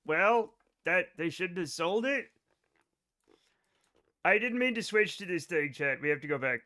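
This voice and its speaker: Excitable bright-voiced male streamer. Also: high voice, a little slow. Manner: excitable, swears when frustrated, reads chat aloud. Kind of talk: live gaming stream chat.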